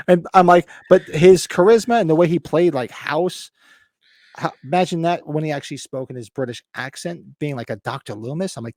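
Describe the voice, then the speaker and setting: A man's voice: on the high side, expressive, moderate pace, a little mellow, no echo, clean studio sound. A man co-hosting a podcast, chatting casually, rambling and restarting, with some swearing. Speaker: podcast co-host. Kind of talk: casual chat.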